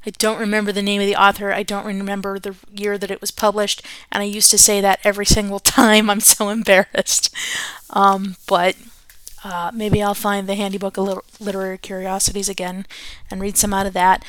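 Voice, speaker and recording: A woman's voice: mid-range voice, monotone, a little fast, a bit bright, clear, resonant tone, no echo. A woman host reading a book aloud on her podcast, chatty and self-correcting, laughing at her own slips.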